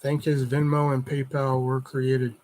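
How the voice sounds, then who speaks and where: A man's voice: mid-range voice, flat delivery, unhurried, darkish tone. A man hosting a livestream, telling stories in a rambling, heavily profane, casual way. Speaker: livestream host. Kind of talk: casual storytelling chat.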